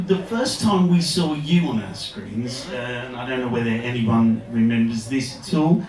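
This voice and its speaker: A man's voice: mid-range voice, animated, moderate pace, darkish tone. A man with a London accent interviewing a guest on stage, casual and self-mocking with hesitant fillers. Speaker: interviewer host. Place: stage in a club hall before a live audience. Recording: echoey hall, distant mic, audience.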